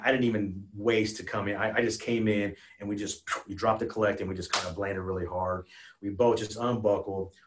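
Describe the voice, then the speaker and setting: Man, low voice, quick pace, earnest veteran storyteller, lots of restarts. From United States. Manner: earnest, emotional, frequent restarts and "you know". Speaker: podcast guest, retired army helicopter pilot. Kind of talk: casual spoken storytelling.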